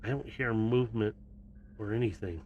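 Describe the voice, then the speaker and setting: A man's voice: on the low side, moderate pace, a little mellow, muffled recording, slight background noise. A man narrating and running a tabletop role-playing game as game master, in a casual, storytelling manner with laughs.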